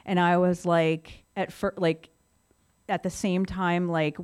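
A middle-aged woman tells her sobriety story candidly, as casual recovery testimony full of fillers. Her voice is on the low side, flat, unhurried, smooth, and darkish in tone.

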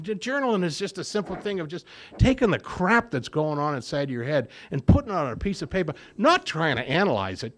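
A man speaking at a recovery meeting, telling his story to the group and acting out the voices in remembered conversations. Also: fairly high pitch. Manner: storytelling that acts out both sides of remembered dialogue. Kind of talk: personal recovery talk to a group.

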